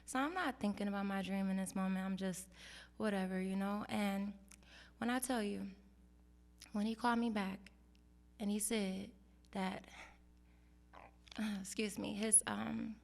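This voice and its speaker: A woman hosting a casual interview, telling a personal story with animated, acted-out quotes. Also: medium pitch, unhurried, creaky, long pauses, big-room sound. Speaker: host.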